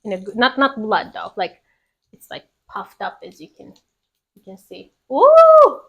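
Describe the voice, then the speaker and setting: A young woman with a slight British accent, chatting casually and excitedly while cooking on a stream. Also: medium pitch, moderate pace, vocal fry, husky. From England from age fourteen. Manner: chatty, exclamatory, laughs often.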